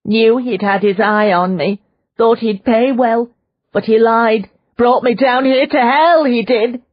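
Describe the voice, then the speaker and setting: A woman's voice: sits high, unhurried, dull audio, pitched above the performer's own voice. A woman reading an audiobook voices a terrified, half-mad young woman prisoner who wails and clings to her fixed idea. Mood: despairing. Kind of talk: audiobook character voice.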